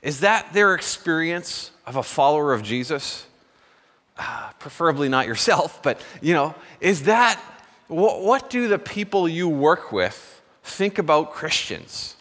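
A man's voice: fairly high pitch, very animated, unhurried, a bit bright, long reverb tail. A man preaching a sermon as pastor, telling stories in a conversational way at a church service. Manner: storytelling, conversational with self-corrections.

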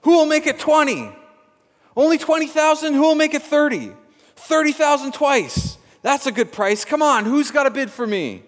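A man voicing an eager male auctioneer, calling out bids loudly and rapidly. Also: very high voice, very animated, in a large hall, pitched above the performer's own voice. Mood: excited. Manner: loud, rapid bid-calling.

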